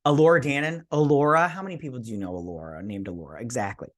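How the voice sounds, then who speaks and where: A man's voice: mid-range voice, fast talker. A man in the middle of his range talks through an episode recap in a loose, rambling way. He keeps stopping to correct himself and drops sarcastic asides as he goes. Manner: rambling, sarcastic, frequent fillers and self-corrections. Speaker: show host reviewing an episode. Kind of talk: casual recap and review.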